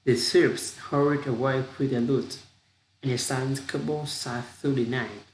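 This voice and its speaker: A man reading a story aloud haltingly, restarting phrases with fillers, in an echoey room. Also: medium pitch, fairly even intonation. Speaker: reader practicing storytelling. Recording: echoey room with faint hiss.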